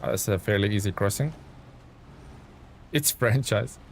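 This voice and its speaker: Over slight background noise, a man with a fairly low, creaky voice talks a little slowly as he live-streams a truck game. He chats with viewers, thanks them, and reasons aloud with ums and chuckles.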